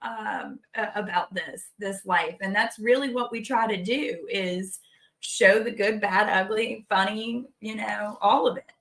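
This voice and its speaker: A woman's voice: mid-range voice, unhurried, creaky, fairly bright tone. A woman, a homesteader guest on a podcast, telling stories in an upbeat, wry way and laughing often. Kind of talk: casual storytelling.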